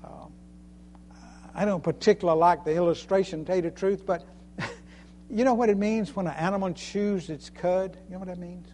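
A man's voice: high voice, normal speed, darkish tone, slight background noise. A man preaching a sermon in a folksy way, chuckling often and repeating phrases for emphasis. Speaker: preacher and Sunday school teacher.

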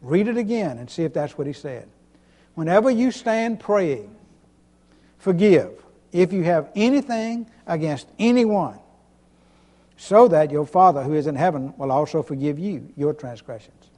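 A pastor preaching an emphatic sermon, repeating himself and chuckling between points. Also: male voice, fairly high pitch, expressive, measured pace, mellow. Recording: long hall reverb.

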